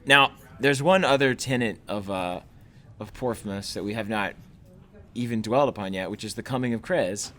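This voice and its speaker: Rambling hammy comedy host. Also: male voice, lowish voice, sharp tone, slight background noise. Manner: rambling, hammy, quick asides. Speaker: show host. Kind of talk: improvised comedic riffing.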